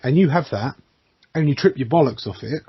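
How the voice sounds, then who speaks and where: A mid-pitched man with a husky voice in an easygoing podcast chat. He swears, laughs easily, and acts out the voices of people in his stories. The recording is dry and dull. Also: expressive, fairly quick, no echo. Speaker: podcast co-host. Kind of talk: casual chat. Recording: dry, muffled lo-fi sound.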